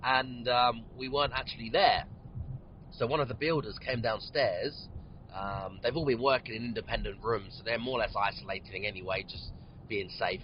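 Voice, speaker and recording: A man with a low voice hosts his podcast from inside a car. He tells a story loosely, full of ums and interrupted by yawns. The sound is dull and lo-fi, with a faint hum of road noise behind him. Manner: rambling, many ums, yawning between phrases. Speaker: podcast host. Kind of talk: casual storytelling monologue. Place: inside a parked or moving car.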